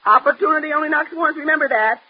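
A woman's voice: sits high, quick pace, close to an everyday voice. A woman playing a nagging middle-aged mother who scolds her grown daughter, in a 1940s radio drama. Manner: nagging, relentless. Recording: dull lo-fi old radio recording.

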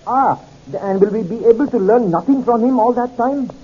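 A man's voice: very high voice, fairly quick, husky, voice pushed up. A man voicing an anxious, inquisitive male passenger who keeps asking questions. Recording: dull lo-fi recording.

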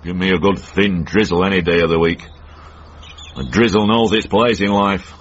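An actor playing a cantankerous older northern man in a radio comedy drama, blunt and gruff with a Northern English accent. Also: low voice, fairly even intonation, moderate pace, a little hiss or hum, natural voice. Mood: grumbling. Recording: dull old radio broadcast.

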